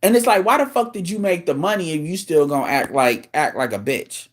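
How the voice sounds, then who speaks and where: A man's voice: a little high, brisk. A man hosting a show, delivering a blunt, profane, incredulous rant in casual talk.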